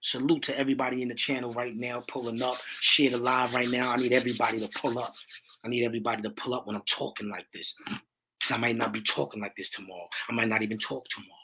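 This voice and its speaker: A man hosting his own livestream, talking with passion in a preachy way, repeating catchphrases and rising to near-shouts. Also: mid-range voice, fairly even intonation, fast talker, breathy edge. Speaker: livestream host. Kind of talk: impassioned livestream talk.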